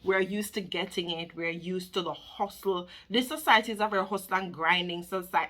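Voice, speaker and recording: On her own channel, a woman talks straight to the camera, giving an earnest, preachy motivational talk about faith and laughing often. Her voice is fairly low and fairly bright, and she speaks briskly with few pauses.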